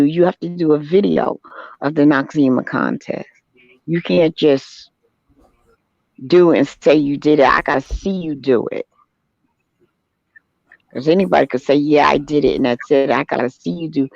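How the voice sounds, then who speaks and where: A woman hosting a casual chat show, talking in an animated, storytelling way. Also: sits low, gravelly, dry recording. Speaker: host. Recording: dull lo-fi sound.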